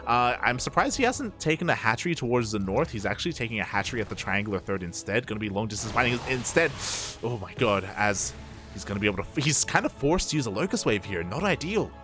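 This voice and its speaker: A man casting a live strategy game, calling the action and getting louder and higher at big moments. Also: fast. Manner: excitable, rising pitch at big moments. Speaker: esports caster. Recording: faint game music underneath.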